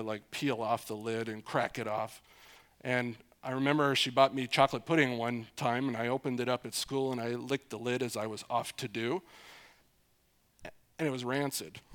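A man's voice: medium pitch, a bit bright. A middle-aged man preaching an expository sermon in a conversational way, repeating phrases for emphasis and asking his listeners questions.

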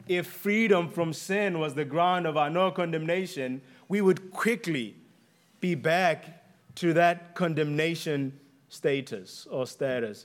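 A man with a noticeable accent preaching a sermon, earnest and emphatic, repeating key phrases for weight. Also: a little high. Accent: non-native English accent. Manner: earnest, emphatic with deliberate repetition.

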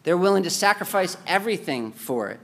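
Male pastor, higher-pitched voice, sermon delivery that alternates between forceful urging and hushed storytelling. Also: sing-song, fairly quick. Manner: emphatic, swings between loud exhortation and quiet storytelling.

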